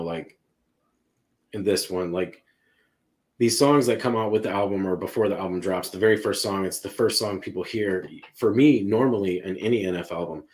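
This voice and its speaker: A man talking casually about music on a podcast, earnest and emotional, rambling with many restarts. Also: lowish voice. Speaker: podcast panelist ranking songs.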